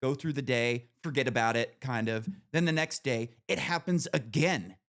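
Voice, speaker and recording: A man hosting a podcast, telling a long profane story in casual chat with lots of animated rises. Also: medium pitch, moderate pace. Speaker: podcast host.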